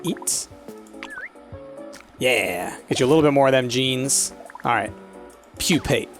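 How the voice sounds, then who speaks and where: Slow easygoing guy streaming a game, bouncy voice, talks to his pixel dogs a lot. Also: mid-range voice, lively intonation, a bit bright, soft background music. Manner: chatty, laughs often, talks to his pets on screen. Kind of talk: casual gameplay commentary.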